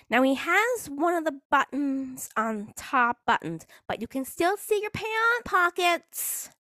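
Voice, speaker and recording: A woman's voice: on the high side, sharp tone, no echo, studio quality. A woman chatting casually as a hockey fan vlogger, rambling and poking fun at herself. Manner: chatty, rambling, self-mocking. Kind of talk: casual chat.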